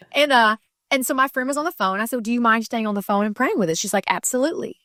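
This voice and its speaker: A woman's voice: on the high side, fast talker, bright, forceful tone, dry recording, clean studio sound. A middle-aged woman telling a personal faith story as a podcast guest, earnest and tumbling, with many restarts and fillers.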